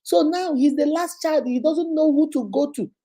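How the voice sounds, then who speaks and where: Animated woman hosting a livestream. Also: high-pitched, moderate pace, low-quality recording. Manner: animated, chatty, greets viewers by name. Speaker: host and counselor. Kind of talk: live-stream chat.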